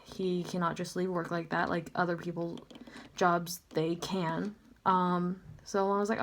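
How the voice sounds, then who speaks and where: A female vlogger tells a personal story in a casual, chatty manner, peppering it with "like" and "um." Her voice is lowish and flat, her pace measured, with slight background noise.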